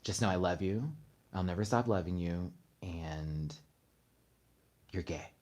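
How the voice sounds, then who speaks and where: A man hosting a casual livestream speaks directly to his viewers, telling stories energetically and acting out what people said, including his mother's words. His voice is low and a little slow.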